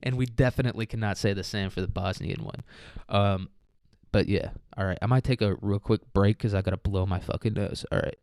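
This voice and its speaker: Low, smooth-voiced young man rambling. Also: fairly even intonation, brisk, darkish tone, no echo, studio quality. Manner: rambling, profane, joking asides with laughs. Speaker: podcast host. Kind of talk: casual solo podcast monologue.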